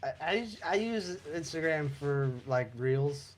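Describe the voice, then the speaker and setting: A man's voice: on the high side, lively intonation, measured pace, a little hiss or hum. A man co-hosting a casual live podcast, mostly giving short, laid-back agreements with the odd dry quip. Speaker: podcast co-host.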